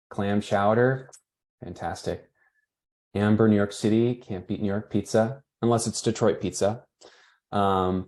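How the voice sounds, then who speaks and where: A man's voice: fairly low pitch, a little mellow. A man hosting and moderating an online webinar, chatting casually and reading out attendee comments as he goes.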